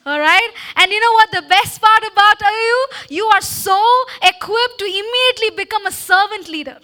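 High, bright-voiced woman preaching. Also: normal speed. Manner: exhorting, with frequent "Okay?" call-and-response. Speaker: speaker at a church meeting. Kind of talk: sermon-style talk to a congregation. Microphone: handheld microphone.

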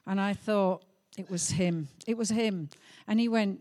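A woman's voice: mid-range voice, moderate pace, few pauses, a little mellow. A middle-aged woman telling a heartfelt testimony story during a sermon, with some hesitations. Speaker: pastor's wife.

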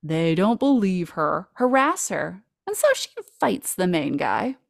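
A woman's voice: on the low side, very animated, measured pace, creaky, no room sound, studio quality. A woman hosting a podcast, recapping a film in a playful, jokey way with frequent laughs. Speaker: podcast host.

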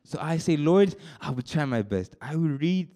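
A young man preaching a sermon to a youth group, dropping to a soft confiding tone and then climbing into high, excited bursts, often repeating words and restarting sentences. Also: moderate pace.

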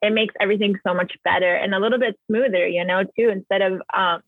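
A woman's voice: medium pitch, steady tone, fast talker, breathy edge, no room sound. A woman poet chatting casually, rambling with lots of "like" and "um". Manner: rambling, many fillers like "like" and "um". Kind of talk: casual conversation. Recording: tinny phone line, dry.

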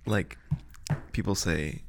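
Low gravelly man in casual chat. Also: slow pace, noisy background. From Chicago. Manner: musing, wordy asides and "um" restarts. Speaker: podcast co-host.

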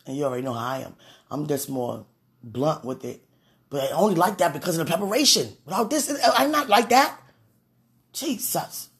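A vlogger speaking an emotional, pleading prayer to the camera, swinging between quiet murmurs and excited bursts. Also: medium pitch, husky. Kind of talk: casual spoken prayer to camera.

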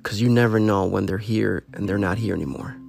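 A man's voice: fairly low pitch, fairly even intonation, fairly quick, gravelly, a little mellow, a little hiss or hum. A man giving a heartfelt, rambling personal monologue, earnestly urging listeners to reach out to friends. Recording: faint guitar music behind.

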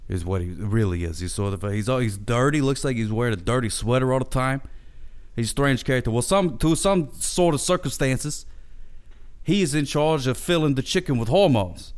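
A man hosting casually, recapping an old TV episode in a rambling, folksy way with frequent self-corrections. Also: medium pitch. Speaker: show host reviewing an old TV series.

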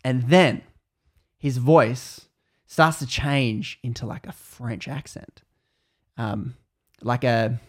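A man's voice: mid-range voice, slow, long pauses. Laughing Australian man telling a story. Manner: laughs often, animated retelling with quoted voices. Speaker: podcast host. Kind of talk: casual storytelling chat.

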